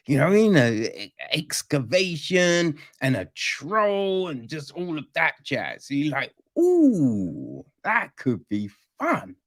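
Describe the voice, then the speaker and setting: Animated, rambling male podcast reviewer. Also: mid-range voice. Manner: animated, rambling, swears freely. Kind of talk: casual film critique chat.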